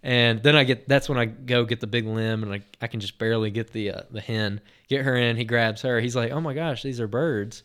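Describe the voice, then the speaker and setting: With a clear, resonant, medium-pitched voice, a podcast host tells an animated anecdote fairly quickly and with few pauses. The retelling is filler-heavy and full of restarts, yet relaxed and conversational as he relives what happened.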